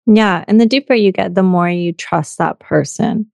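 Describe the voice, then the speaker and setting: A woman's voice: fairly low pitch, moderate pace, gravelly, a little mellow, no echo. A woman hosting a podcast in casual conversation, chatty and laughing often.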